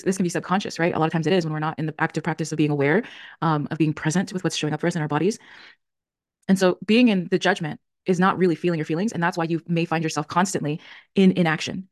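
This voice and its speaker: Reflective woman podcaster, low-ish voice, talks quick, dry close mic. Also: a little mellow, no room sound. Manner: earnest, reflective, self-correcting. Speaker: podcast host. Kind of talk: solo podcast talk on emotions.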